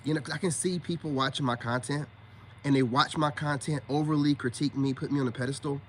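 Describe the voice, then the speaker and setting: In casual livestream talk to his chat, a self-styled spiritual coach teases viewers with a drawl, leaning on the phrase "you know what I'm saying." His mid-range voice moves quickly with a steady tone, fairly bright and with a breathy edge.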